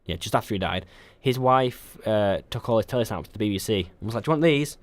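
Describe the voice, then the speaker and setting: A man's voice: on the low side, fast talker, dry recording. A young man co-hosting a podcast in casual chat, rambling with frequent ums and restarts. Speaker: podcast co-host.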